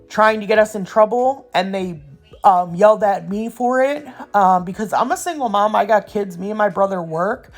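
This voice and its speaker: Young woman, casual chatty vlog voiceover, ranting storyteller. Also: mid-range voice. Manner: rambling, ranting storyteller who says "y'all" and "yo". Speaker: nail art vlogger.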